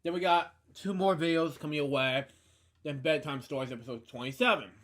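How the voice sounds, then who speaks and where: A man's voice: on the high side, brisk, a bit bright. A tired, yawning man hosting a home video show, rambling through announcements and a casual wrap-up. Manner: rambling, listy delivery with frequent fillers.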